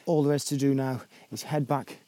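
A man's voice: mid-range voice, fairly even intonation, brisk, dark tone, dry recording. A man presenting a comedy documentary in a dry, mock-dramatic way. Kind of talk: comic field presenting.

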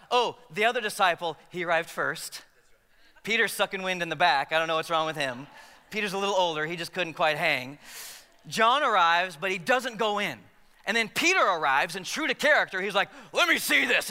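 A man's voice: high-pitched, sharp tone, clean tone, big-room sound. A man preaching a sermon in a conversational way, with joking asides to the congregation. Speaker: pastor.

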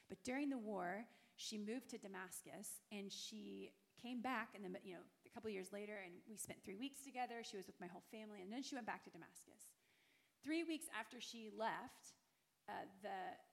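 A woman's voice: mid-range voice, creaky. A middle-aged woman telling a heartfelt story to a church gathering, earnest and full of fillers. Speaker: guest missionary. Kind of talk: church testimony talk.

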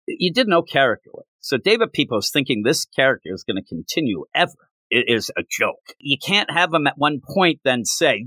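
Sarcastic lively male comic podcaster. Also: fairly high pitch, moderate pace, no room sound. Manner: sarcastic, exasperated, mocks lines in put-on voices. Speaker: podcast co-host. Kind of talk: casual comic book review chat.

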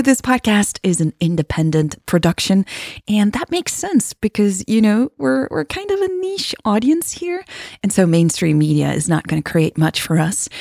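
A woman hosting a podcast and reading serialized fiction in a plain, steady narration. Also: fairly low pitch, gravelly, no echo, clean studio sound. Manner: plain, steady reading with small self-corrections. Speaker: podcast host and story narrator.

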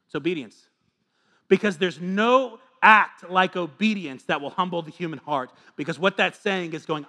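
A man preaching to a congregation with a bright, forceful tone and a fairly high voice. He is earnest and confessional, dropping into soft asides and then hammering points home with repetition. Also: very animated, unhurried. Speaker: pastor. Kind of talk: sermon.

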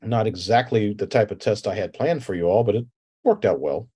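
A man's voice: lowish voice, a little fast, mellow, slightly rough. A man voicing a gracious scheming noblewoman. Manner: gracious and formal.

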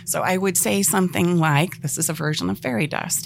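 A woman speaking as a relationship expert guest on a podcast, animated and expressive, often acting out what she would say. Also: fairly low pitch, a little fast, gravelly, hardly any pauses, slight background noise. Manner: expressive, acts out quoted lines, laughs easily.

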